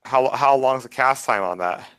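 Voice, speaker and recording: A man playing a tabletop game, chatting casually with quick asides. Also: mid-range voice, fairly bright tone, clean tone. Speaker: player.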